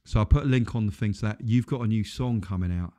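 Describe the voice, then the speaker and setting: A man co-hosts a podcast in loose, casual chat. His voice sits fairly low and sounds dark and mellow. He rambles and often corrects himself mid-sentence. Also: fast talker. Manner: rambling, self-correcting, chatty. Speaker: podcast co-host.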